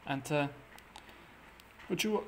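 A man casually recapping a comic book plot, halting and full of fillers and restarts. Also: a little high, fairly bright tone, a little hiss or hum.

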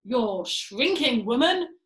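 A woman's voice: on the high side, big pitch swings, slow, fairly bright tone, full character voice. A woman doing a gloating, nasty old man. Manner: mocking, taunting. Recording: echoey room.

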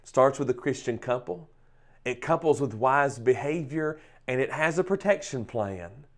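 A man giving a short devotional talk on scripture, emphatic, with pauses and swells in loudness. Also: mid-range voice, expressive. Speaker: preacher.

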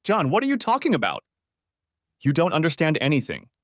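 A man voicing a tired, remorseful wife who pleads and apologizes in a softened, higher voice, with lively inflection. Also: fairly quick, no room sound, studio quality. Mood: tired, puzzled.

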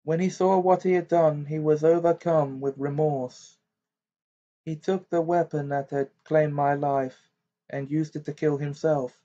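A man's voice: on the high side, fairly even intonation, measured pace, dark tone, voice pushed up. A man reading the lines of a proud, bitter female ghost in an amateur audiobook, with a stiff, clipped delivery. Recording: dull lo-fi recording.

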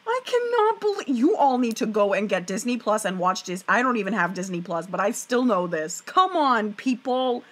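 Excitable woman reacting with laughter. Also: mid-range voice, normal speed, hardly any pauses. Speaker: opera singer reacting to music videos. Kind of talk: casual reaction commentary.

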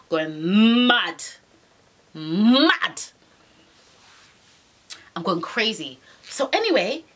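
A young woman telling a storytime to camera in an animated, exasperated way, repeating her phrases and using slang. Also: fairly high pitch, slightly rough. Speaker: vlogger. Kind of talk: storytime monologue.

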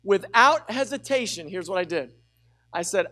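A middle-aged man preaching a sermon as pastor, telling a personal story with lively energy and urging the congregation to call out. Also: high-pitched, normal speed. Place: church sanctuary with a congregation.

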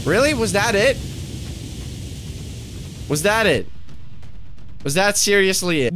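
Young guy yelling and muttering over a game, highish voice jumping around a lot. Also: takes it slowly, long pauses, music in the background. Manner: excitable, swings between shouting and mumbling, swears often. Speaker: gaming YouTuber. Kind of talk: gameplay commentary.

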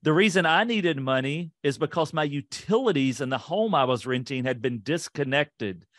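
A man guesting on a podcast, telling a self-deprecating story from his past in an animated, casual way and voicing the people in it. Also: on the high side, dry recording, clean studio sound. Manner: quick, lively retelling with voiced quotes.

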